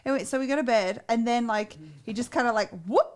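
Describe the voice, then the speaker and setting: A woman co-hosting a dating advice show, telling a story in a blunt, profane, animated way in casual chat. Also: a little high, fast, smooth.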